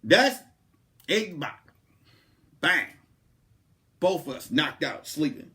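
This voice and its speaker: A man hosting a comedy podcast, telling a story in a casual, animated way and swinging from hushed asides to loud, laughing outbursts. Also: on the high side, takes it slowly. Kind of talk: comic storytelling.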